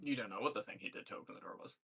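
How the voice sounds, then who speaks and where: A man narrating as game master of a tabletop game over a voice call, relaxed and hesitant, with many fillers. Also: mid-range voice, very fast, breathy edge, rough recording.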